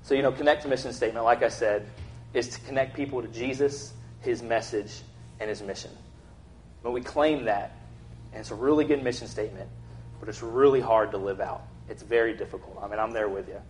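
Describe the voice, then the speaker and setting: A young man preaching in a relaxed, conversational way, slipping into acted-out quotes as he tells the story. His voice sits at a middle pitch. Faint noise hums under the recording. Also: fairly quick. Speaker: pastor. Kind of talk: sermon.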